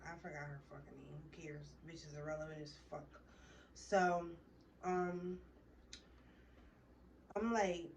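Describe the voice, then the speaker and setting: A woman's voice: deep voice, steady tone, a little slow, vocal fry, pauses often. Profane, rambling young woman storyteller. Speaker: storytime vlogger. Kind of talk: casual storytime. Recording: distant mic with faint room noise.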